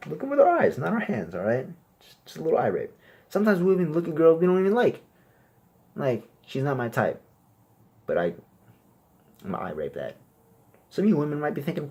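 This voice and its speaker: A young man performing a crude stand-up comedy set, brash, and loudly acting out little exchanges. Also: medium pitch, huge pitch swings, a little fast, pauses often, husky. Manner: crude, brash, acts out exchanges in raised voices.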